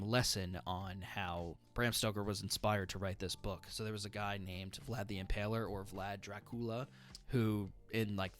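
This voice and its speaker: A man's voice: fairly low pitch, a bit bright. A man casually reviewing books he has read, chatty and enthusiastic, with many fillers. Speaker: book reviewer.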